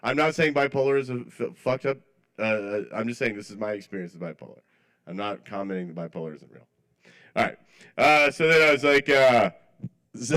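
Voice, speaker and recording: A man performing a stand-up set at an open mic, rambling with self-deprecating, apologetic asides. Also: medium pitch. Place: small cafe open mic.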